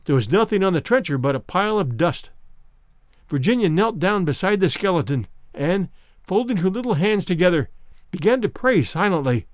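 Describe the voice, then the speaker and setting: A man narrating a classic story in a measured, expressive reading. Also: high voice, no echo, studio quality. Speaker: audiobook narrator.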